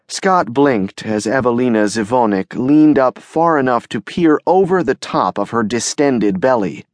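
Slow, measured male audiobook narrator. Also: mid-range voice, no room sound, studio quality. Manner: measured, even storytelling. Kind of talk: scripted narration. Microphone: close studio mic.

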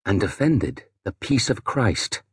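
Brief: man doing a cold, unforgiving king, slow and measured, low husky tone. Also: very animated, no room sound, studio quality, heavily acted. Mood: stern anger. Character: stern young male king, cold and authoritative.

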